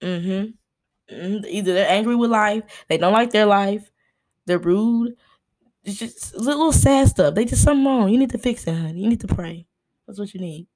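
A young woman hosting a casual solo podcast, ranting in an animated, exasperated way and calling her listeners "y'all" and "honey.". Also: medium pitch, moderate pace. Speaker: podcast host.

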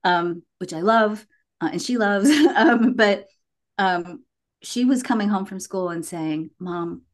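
A woman guest on a podcast interview, telling stories in an animated way, laughing and quoting herself. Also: mid-range voice, slow pace. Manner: animated storytelling with laughs and quoted asides. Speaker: guest, human design teacher.

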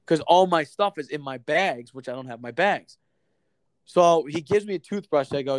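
Swearing freely, an animated storyteller acts out the characters in a long, casual tale. His voice sits on the high side, moves at normal speed, and has no echo.

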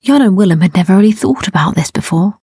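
A woman narrating a children's story in a gentle, unhurried way, sometimes dropping to a near whisper. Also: mid-range voice, lively intonation, breathy edge, no room sound, studio quality.

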